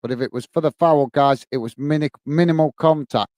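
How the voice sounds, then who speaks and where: A man with a Northern Irish accent hosting a football watch-along stream, giving steady play-by-play and chatting in a friendly way as he reads viewer comments. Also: a little high, a little fast, no echo. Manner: friendly and chatty, often says "mate" while reading viewer comments. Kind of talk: live play-by-play commentary with chat.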